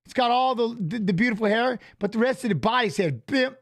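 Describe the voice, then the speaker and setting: A man's voice: very high voice, lively intonation, fast talker. A man co-hosting a fight watch-along stream, chatting loosely and jokingly, reading viewer comments aloud and swearing casually. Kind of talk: casual live-stream chat.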